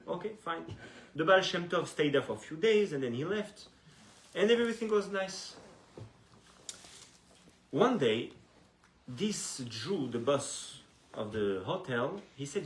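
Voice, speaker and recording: A man, a rabbi, telling a story in a sermon, animated and often restarting his sentences. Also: mid-range voice, normal speed, pauses often. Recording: echoey room, faint noise.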